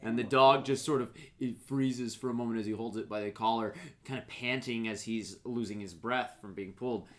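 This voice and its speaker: A man's voice: medium pitch, moderate pace, few pauses. A man narrating as game master in a tabletop role-play session, telling the scene vividly. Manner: animated, vivid storytelling.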